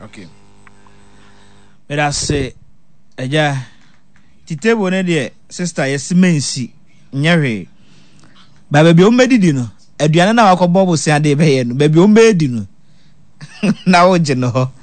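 Man, radio call-in host, slightly high voice, unhurried. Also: animated, no echo. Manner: reads out phone numbers slowly.

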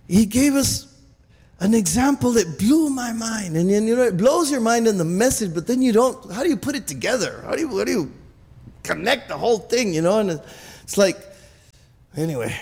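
A male pastor preaching in a church with a high-pitched, gravelly voice. He talks animatedly, restarts his sentences and breaks in with hallelujah and amen. The sound carries a long reverb from the hall. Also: darkish tone. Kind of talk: sermon.

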